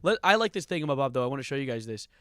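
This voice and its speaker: A man's voice: medium pitch, sing-song, rapid-fire, fairly bright tone. A man livestreaming, casually reacting to clips with wry asides and laughter. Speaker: streamer.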